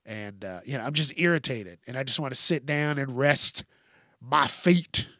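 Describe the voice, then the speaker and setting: A man's voice: mid-range voice, moderate pace, pushed and bright, dry recording, clean studio sound. A man hosting a podcast, ranting bluntly and swearing often in a casual monologue. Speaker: podcast host.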